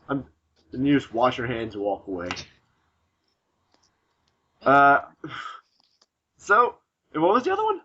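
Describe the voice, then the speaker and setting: A man's voice: mid-range voice, wildly swooping pitch, moderate pace, long pauses, pushed and bright, muffled recording. A young man hosting a casual gaming podcast, rambling, swearing freely and laughing at his own jokes. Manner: profane, giggly and rambling. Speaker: podcast host. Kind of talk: casual chat.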